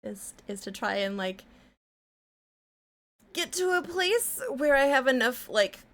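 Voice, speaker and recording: A woman's voice: high-pitched, very animated, takes it slowly, a bit bright. A woman live-streaming her art, chatting casually and rambling, with some casual swearing and humming to herself as she draws. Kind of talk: casual chat while drawing on stream.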